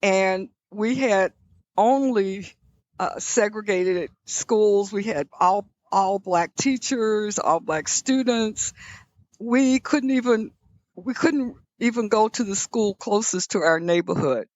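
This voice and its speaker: A woman's voice: mid-range voice, slow, a little mellow, no echo, lo-fi sound. An older woman from Birmingham, Alabama, recalling her past as a guest in an interview, in a reflective storytelling manner. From Birmingham, Alabama, USA.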